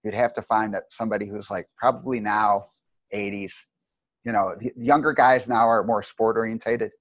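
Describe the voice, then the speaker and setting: A middle-aged man, a martial arts teacher, telling long anecdotes in a rambling, animated way with many restarts. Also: lowish voice, moderate pace, dry recording. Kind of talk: casual storytelling interview.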